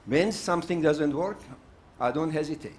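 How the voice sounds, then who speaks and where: A man's voice: on the high side, normal speed, slight background noise. An older man from South Africa speaking at a summit panel, outspoken and emphatic, repeating his points for force. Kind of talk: impassioned summit speech.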